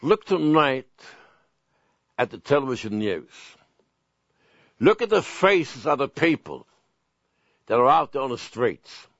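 A man's voice: mid-range voice, very animated, dry recording, lo-fi sound. A man preaching a televised sermon, emphatic and full of rhetorical questions. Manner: emphatic, rhetorical questions, slow deliberate delivery.

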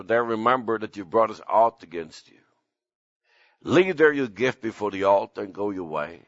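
Older guy preaching hard, lowish voice that shoots up when he gets fired up, dry dull lo-fi sound. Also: lively intonation, moderate pace, no room sound. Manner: impassioned preaching with sudden climbs in pitch. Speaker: pastor. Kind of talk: sermon.

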